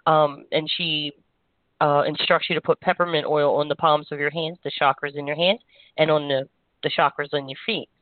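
A woman energy healer hosting a call-in show, giving gentle, reassuring spiritual guidance in a meandering way. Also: low-pitched, steady tone, moderate pace, no room sound. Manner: gentle, reassuring, meandering with frequent "you know". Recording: dry, tinny phone-line sound.

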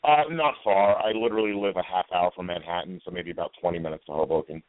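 A man's voice: low-pitched, fast talker, no echo. A man calling in as a guest on a live show, joking around in a playful way. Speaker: guest caller. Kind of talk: casual phone interview. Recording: tinny phone-line sound.

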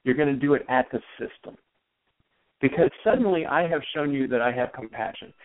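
Male expert guest, animated explainer, heard over a dry, phone-like line. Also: medium pitch, brisk, dry recording. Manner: animated, acts out example dialogue. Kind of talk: explanatory interview talk.

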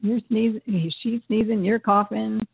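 A woman's voice: mid-range voice, fairly even intonation, measured pace, creaky, breathy edge, phone-quality sound. A woman co-hosting a podcast in casual chat, teasing her partner playfully. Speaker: podcast co-host.

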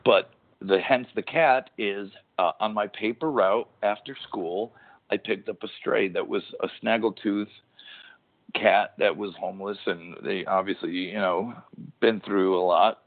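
Gravelly lowish guy in his 40s, rambly swearing podcast host, sounds like it's over a phone line. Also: steady tone, measured pace. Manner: rambling, profane, joking storyteller. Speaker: podcast host, former wrestler. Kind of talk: casual podcast chat.

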